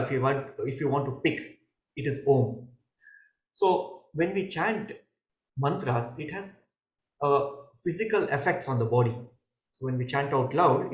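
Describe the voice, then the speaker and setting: A man, a yoga teacher, giving calm, measured explanations in a podcast conversation, pausing and restarting now and then. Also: medium pitch. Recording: echoey room.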